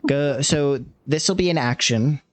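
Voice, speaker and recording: A man running a tabletop game as game master, narrating slowly with frequent fillers. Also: on the high side, dry recording. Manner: slow, measured with many fillers.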